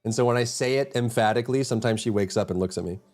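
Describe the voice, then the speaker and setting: A man's voice: mid-range voice, very fast, a little mellow, faint music behind. A man streaming live, chatting casually with his viewers, rambling and humming or muttering to himself between thoughts. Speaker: full-time streamer.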